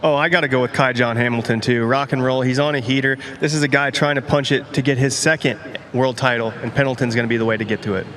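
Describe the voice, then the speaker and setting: A man analyst in a casual panel chat, talking with rapid, enthusiastic hype. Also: mid-range voice, steady tone, fairly bright tone. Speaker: rodeo analyst.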